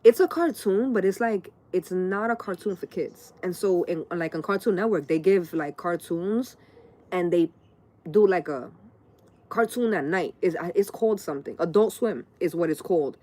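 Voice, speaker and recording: A woman's voice: fairly low pitch, moderate pace, dark tone. Profane, rambling woman in her late thirties. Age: late 30s. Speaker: tarot reader. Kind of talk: casual live-stream rant.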